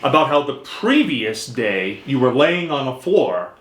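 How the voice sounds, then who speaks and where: A man's voice: medium pitch, very animated, measured pace, a bit bright. Roomy-sounding male radio host. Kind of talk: radio interview.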